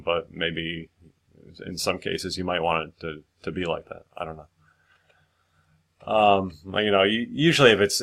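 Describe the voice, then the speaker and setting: Deep-voiced man rambling through a tutorial. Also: vocal fry, a bit bright. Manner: rambling, full of fillers and restarts. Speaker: screenwriting tutor. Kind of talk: casual screen-share tutorial.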